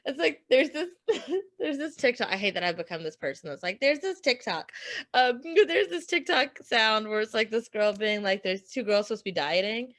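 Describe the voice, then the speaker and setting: Giggly woman with a higher voice. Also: expressive, fairly bright tone, no room sound, studio quality. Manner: laughs often, quick agreeing asides. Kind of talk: casual chat. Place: podcast recording.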